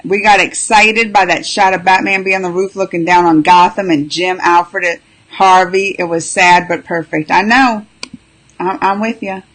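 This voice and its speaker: A woman's voice: fairly low pitch, steady tone, normal speed, a bit bright, low-quality recording. A woman hosting a casual chat about a TV show, playful and teasing, often laughing. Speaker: host.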